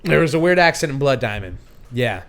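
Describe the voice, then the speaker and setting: A man's voice: mid-range voice, animated, brisk, a bit bright. A man co-hosting a podcast, a few beers in, rambling in casual chat with many restarts and frequent laughter. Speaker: podcast co-host.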